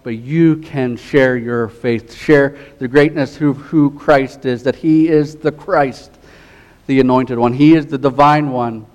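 A middle-aged male pastor delivering a sermon with earnest conviction. His voice sits at an ordinary pitch and often sinks into a quiet, tender hush to stress a point. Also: poor audio. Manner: earnest preaching, drops to a soft hush on key phrases.

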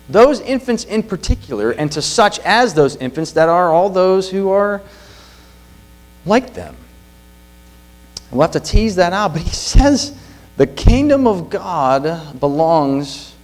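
A man's voice: sits high, big pitch swings, takes it slowly, long pauses, low-quality recording. A middle-aged man preaching a sermon as pastor, earnest and emphatic, often asking the congregation rhetorical questions.

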